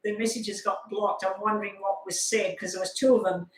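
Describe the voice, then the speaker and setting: A middle-aged woman, rambling casually on a live stream as a tarot reader and telling a long story with animated asides. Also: medium pitch, brisk. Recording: echoey room.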